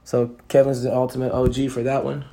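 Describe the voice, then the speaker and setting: A man's voice: mid-range voice, completely flat delivery, fairly quick, mellow, echoey room. A man co-hosting a casual podcast chat, laughing often and swearing casually. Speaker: podcast co-host.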